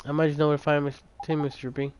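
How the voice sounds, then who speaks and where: A man's voice: on the high side, level tone, fast talker, a little mellow, slight background noise, natural voice. A man voicing a cheeky male fairy companion in a game, brash and teasing.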